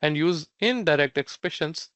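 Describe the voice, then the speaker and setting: Hesitant male teacher, smooth clear voice. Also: a little high, expressive, normal speed, a bit bright, dry recording. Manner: hesitant, many fillers and restarts. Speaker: language teacher. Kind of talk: online lesson recap.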